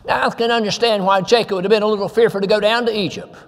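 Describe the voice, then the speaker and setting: A man's voice: sits high, steady tone, very fast, in a large hall. A male pastor, preaching a sermon with emphatic repetition and scripture quotes.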